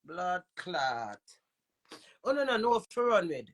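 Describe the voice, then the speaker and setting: A woman's voice: a little high, sing-song, measured pace. A woman with a Jamaican accent and a runny nose, ranting in heated, profane patois. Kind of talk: angry rant to camera.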